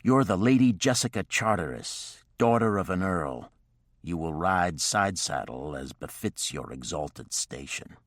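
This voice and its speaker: A gruff frontier husband who speaks in clipped, stern orders, read by a male narrator in his own very deep voice. The sound is dry and close, with no room around it. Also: animated, a little slow, dry recording. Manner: curt, clipped commands.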